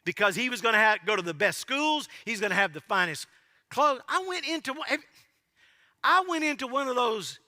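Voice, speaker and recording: A man preaches to his congregation in a folksy, joking way, his voice high and ringing sharp. His pitch swoops up and down as he tells the story. The sound carries the long reverb of a big church hall. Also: big pitch swings, normal speed. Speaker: pastor. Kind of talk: sermon. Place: church sanctuary.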